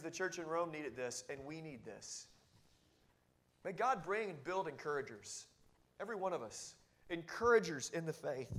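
A man preaching a sermon as pastor, earnest and exhorting, often dropping to a hushed, close tone. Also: high-pitched.

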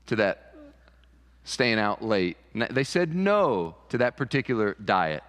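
A man preaching a sermon as pastor, animated, often repeating words as he builds a point. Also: lowish voice, slow pace, long reverb tail. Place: church sanctuary.

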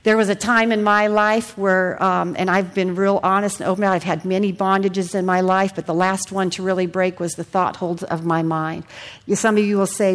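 A woman preaching a sermon in a church hall, earnest and personal, sharing her testimony and sometimes dropping her voice to a hush. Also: medium pitch, steady tone, a little fast. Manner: earnest, personal testimony with soft hushed passages.

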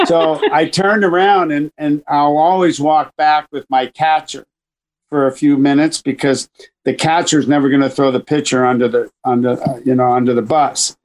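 A man's voice: fairly high pitch, steady tone, moderate pace, rough recording. A man who coaches and manages a baseball team, telling stories in a chatty, rambling way with many restarts on a radio interview.

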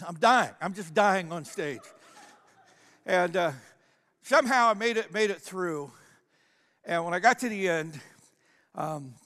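Man, pastor, conversational sermon storytelling, animated, reverberant hall. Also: high voice. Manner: animated, conversational, with repeated restarts.

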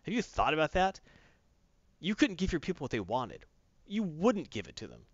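A man's voice: a little high, wildly swooping pitch, normal speed, no echo, exaggerated voice. A man voicing a smug, taunting evil male superhero, recorded dry and muffled.

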